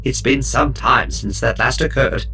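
A man voicing a fussy, proper male protocol robot in an audiobook reading, with a prim, breathy delivery. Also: medium pitch, a little slow, sharp tone, a little hiss or hum, voice pushed up. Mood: delighted. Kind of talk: audiobook character voice.

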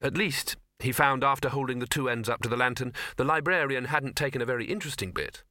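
Bright, crisp male audiobook narrator. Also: medium pitch, fast, no echo, clean studio sound.

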